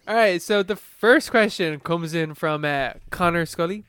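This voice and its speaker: A young man co-hosting a podcast in casual chat, talking fast with lots of fillers and the odd swear. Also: fairly high pitch, fairly bright tone, clear, resonant tone, no room sound, clean studio sound. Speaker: podcast co-host.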